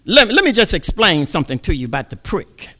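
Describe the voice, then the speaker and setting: A man preaching a sermon, swinging from hushed murmurs to shouts and repeating words as he builds. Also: high-pitched, sing-song, fairly quick.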